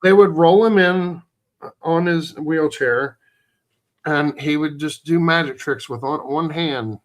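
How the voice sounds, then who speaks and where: A man in casual chat who reminisces fondly and often restarts his sentences. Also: on the high side. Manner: halting, fond reminiscing with many restarts.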